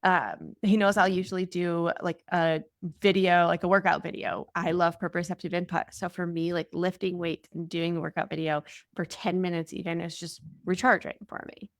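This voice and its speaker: A young adult woman answering interview questions as a parenting guest, explaining in a casual, warm way with many filler words. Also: lowish voice, little pitch movement, normal speed, no echo, clean studio sound.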